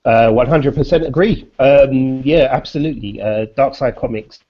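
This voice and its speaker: A man co-hosting a casual podcast, signing off in a relaxed, rambling way full of fillers. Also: medium pitch, normal speed. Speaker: podcast co-host. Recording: dull lo-fi audio.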